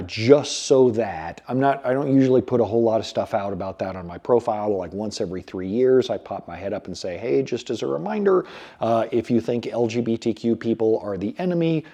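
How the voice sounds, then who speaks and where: A man's voice: mid-range voice, vocal fry, warm tone. A man hosting a casual question-and-answer show from his home bar, talking frankly with wry jokes. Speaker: host answering viewer questions. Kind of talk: casual chat.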